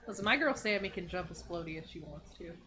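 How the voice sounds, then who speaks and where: A woman's voice: lowish voice, animated, fast, background noise. A woman chatting casually on a gaming livestream with playful, teasing banter. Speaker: co-host guest.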